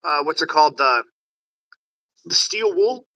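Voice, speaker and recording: Bright-voiced man telling stories animatedly. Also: a little high, measured pace, no room sound, low-quality recording. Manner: animated storyteller, acts out voices in his stories. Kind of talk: casual conversation.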